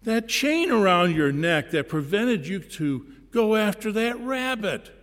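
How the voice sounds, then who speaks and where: A man's voice: sits high, big pitch swings, a little slow, a bit bright, voice pushed up, full character voice. A man voicing an earnest, puzzled male pastor in a story, with a raised, pleading tone. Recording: long reverb in a large hall.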